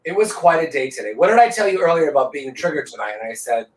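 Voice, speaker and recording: A man co-hosting a casual talk show, animated and profane, telling a rambling anecdote and slipping into voices. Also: on the high side, fast talker, roomy sound, poor audio. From Los Angeles. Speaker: podcast co-host. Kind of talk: casual chat storytelling.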